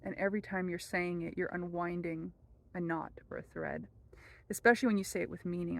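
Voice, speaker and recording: A woman giving a gentle, measured spiritual teaching, softening almost to a hush as she repeats a prayer. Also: on the low side, animated.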